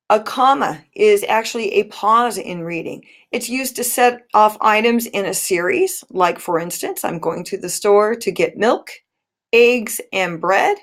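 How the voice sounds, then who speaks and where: A woman teacher giving a recorded grammar lesson, speaking deliberately and stressing each pause. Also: medium pitch.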